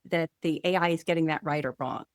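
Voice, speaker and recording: Lower-voiced woman host asking questions. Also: fast, no room sound, clean studio sound. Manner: asks long, thoughtful questions. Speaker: podcast host. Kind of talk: casual interview.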